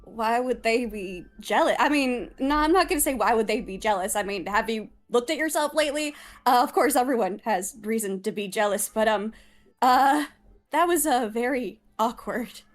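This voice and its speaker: A woman's voice: on the high side, animated, normal speed, faint music behind, natural voice. A woman playing a flustered, awkward young commoner. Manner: flustered, stammering.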